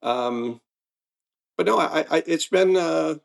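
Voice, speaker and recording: A man in his seventies, a guest athlete in a casual interview, telling his stories in a lively way and acting out moments. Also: a little high, slow pace, creaky. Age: 70s. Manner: lively storyteller, acts out race moments.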